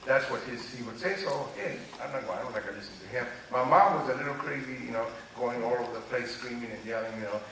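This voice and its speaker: Animated older man in an echoey room. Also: medium pitch, fast talker, hardly any pauses. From Los Angeles, USA. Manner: animated, confiding, often checks the listener follows. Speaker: author being interviewed. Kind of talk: candid personal storytelling. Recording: echoey room, distant mic, noisy ambience.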